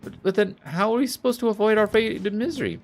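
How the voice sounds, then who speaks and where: A man's voice: high voice, quick pace, soft background music. A man reading the lines of a distraught male cult follower from a video game, pleading and panicked. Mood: desperate.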